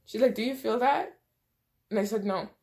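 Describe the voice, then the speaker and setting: Speaking at a moderate pace in a fairly high, darkish voice, a young female vlogger recounts a personal story. Close to crying, she performs the lines others said to her.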